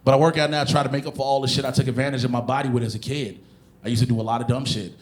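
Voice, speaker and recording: A man performing a stand-up comedy routine on stage, telling animated, profane stories and bursting into shouted impressions. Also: mid-range voice, rapid-fire. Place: comedy stage before a live audience.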